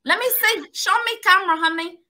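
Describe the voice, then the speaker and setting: A woman's voice: very high voice, brisk, sharp tone, voice pushed up, heavily acted. A woman voicing a chatty nail salon worker with a put-on foreign accent, sing-song and coaxing.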